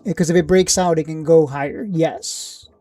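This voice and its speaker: A man hosting a live stock chat, answering viewers with blunt verdicts and jokes. His voice is mellow and on the darker side. He often trails off mid-thought and circles back. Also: fairly high pitch, fairly even intonation, moderate pace, no room sound. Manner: blunt, joking, laughs often, trails off and restarts. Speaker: stock market livestream host.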